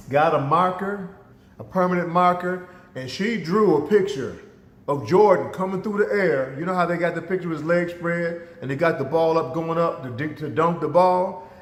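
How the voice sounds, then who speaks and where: A man giving a motivational talk, speaking emphatically and addressing listeners directly, with stories woven in. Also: a little high. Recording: echoey hall reverb.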